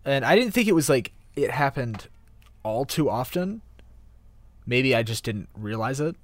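Young male host, relaxed and hesitant delivery, dry, roomless sound. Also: medium pitch, measured pace, no room sound. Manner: easygoing, hesitant, many fillers. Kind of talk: casual anime review chat.

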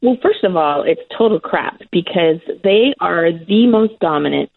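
A woman's voice: lowish voice, expressive, unhurried, creaky, slightly rough, dry recording. A middle-aged woman, a sports broadcaster, telling stories with enthusiasm in a casual interview and laughing often. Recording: tinny phone-like line.

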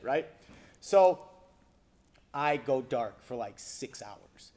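A young adult man telling a personal story in a casual interview, profane and animated, acting out the people he quotes. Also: mid-range voice, extremely slow, long pauses, a little hiss or hum.

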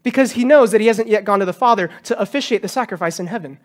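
A man preaching a sermon as pastor, animated, acting out quotes with a raised voice. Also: high-pitched, quick pace. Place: church.

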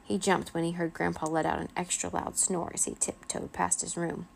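A woman reading a children's chapter book aloud as a bedtime story, in a gentle, expressive way. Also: fairly low pitch, normal speed, vocal fry.

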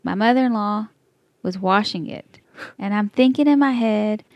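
A woman's voice: medium pitch, moderate pace, no room sound. Laughing Texan woman telling a story. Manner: animated, laughs often, acts out her own thoughts. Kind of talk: casual storytelling.

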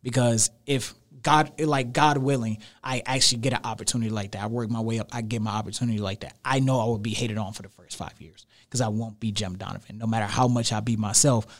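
A young man guesting on a podcast, talking sports in an emphatic, animated way and repeating phrases for weight. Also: lowish voice, fast, hardly any pauses. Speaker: podcast guest, radio show host. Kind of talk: casual sports chat. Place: podcast studio.

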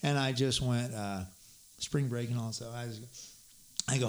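A man, a bass player and singer, telling a rambling story in casual chat with restarts and laughs. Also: normal speed.

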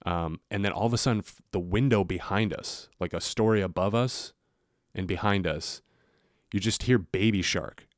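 A man's voice: sits low, normal speed, no echo, clean studio sound. A young man hosting a podcast, telling a casual, laughing story full of swearing. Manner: laughing, animated storytelling with profanity. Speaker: podcast host.

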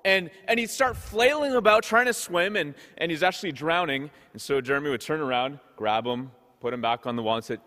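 A parish pastor delivers a conversational Sunday sermon packed with stories, often repeating words as he goes. His slightly high voice is pushed and bright, a little fast with few pauses, heard through long hall reverb.

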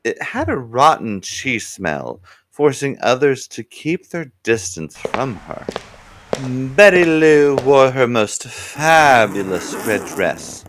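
Brief: a playful male storyteller with a swooping, animated delivery. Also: mid-range voice, slow pace, background noise. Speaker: narrator. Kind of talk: comic storytelling.

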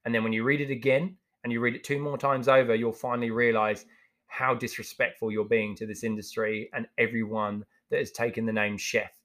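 A man's voice: mid-range voice, brisk. A man in his forties, a chef guest on a podcast, telling blunt, profane stories and acting out what people said. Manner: blunt, profane, animated storyteller acting out quotes. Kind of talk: casual storytelling chat.

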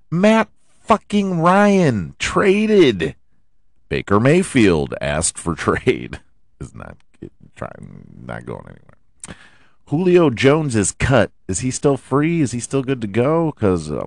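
A man hosting a podcast, hoarse from allergies and often clearing his throat, ranting about football with lots of swearing and rhetorical questions. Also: mid-range voice, dry recording, studio quality. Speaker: podcast host. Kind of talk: casual sports rant.

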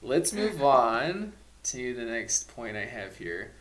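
A man's voice: medium pitch, big pitch swings, slow pace, fairly bright tone, rough recording. A man hosting a casual podcast chat, leading the discussion and poking fun at himself. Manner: self-deprecating, leads the discussion. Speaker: podcast host.

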